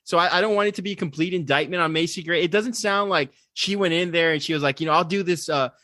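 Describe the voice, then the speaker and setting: A man's voice: on the high side, fast talker, sharp tone, no room sound, clean studio sound. A man hosting a podcast in casual chat, joking and easygoing. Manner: joking, laughs between lines. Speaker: podcast host.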